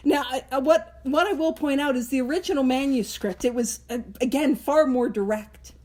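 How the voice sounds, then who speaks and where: Woman leading a book study, high bright voice, chatty and playful, acts out bits as she explains. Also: moderate pace, few pauses. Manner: animated, playful, acts out little voices and jokes. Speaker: host of a Big Book study. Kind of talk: casual teaching talk.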